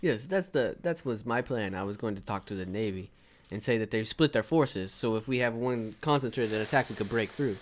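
A man's voice: fairly low pitch, lively intonation, normal speed. A man playing a tabletop game in a playful, giggly way. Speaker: player. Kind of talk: casual tabletop game chat.

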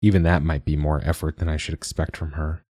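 A man giving measured, wry, reflective first-person audiobook narration. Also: rumbling low, level tone, a little mellow, no room sound.

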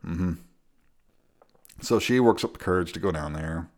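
Deep-voiced male podcast co-host, laid-back movie recap, easy chuckles. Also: normal speed. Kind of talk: casual film recap chat.

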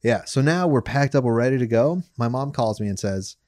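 A man's voice: mid-range voice, animated, brisk, darkish tone, no room sound, clean studio sound. A man co-hosting a podcast, telling a long story in casual chat, laughing often and swearing freely. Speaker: podcast co-host.

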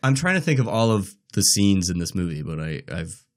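A man co-hosts a casual film podcast. He talks in a somewhat low voice, animated and joking, and fills his sentences with "like." He argues his points with playful insistence. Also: brisk. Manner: animated, joking, many "like" fillers. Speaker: podcast co-host.

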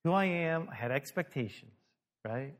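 A man's voice: a little high, expressive, normal speed. A male pastor preaching a sermon, telling a story animatedly, acting out the dialogue and laughing at himself. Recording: long hall reverb.

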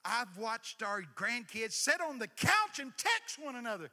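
An older man preaching a lively sermon in a church, his voice high for a man and ringing bright. He swings between quiet asides and sudden shouted bursts, and the sound carries a long hall reverb. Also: a little slow.

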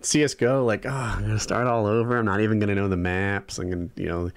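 A man's voice: on the low side, fairly even intonation, fast talker. A man in his forties co-hosting a podcast, chatting casually and rambling with lots of fillers. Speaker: podcast co-host. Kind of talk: casual chat.

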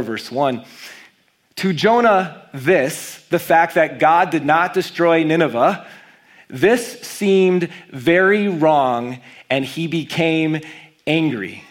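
A man's voice, a little high, leads a sermon as a pastor, reading from scripture and animatedly stressing important words.

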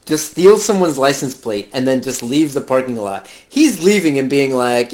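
A man's voice: medium pitch, moderate pace. A man in casual conversation about a film, swearing freely and acting out lines from characters. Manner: profane, animated, quotes characters in put-on voices. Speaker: podcast co-host.

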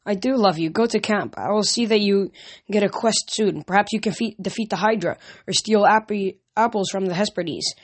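A woman's voice: medium pitch, moderate pace, natural voice. A woman reader voicing a male god and absent father who speaks in a grave, restrained, sad way in a storybook. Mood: sorrowful.

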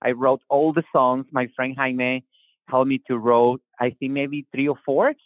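A man with a Latin American Spanish accent, talking about his music in an animated way, restarting his sentences and acting out quotes. His voice comes through a tinny, phone-like call line. The sound is dry, with no room around it. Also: medium pitch, unhurried, no echo. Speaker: singer-songwriter guest. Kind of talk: casual interview talk.

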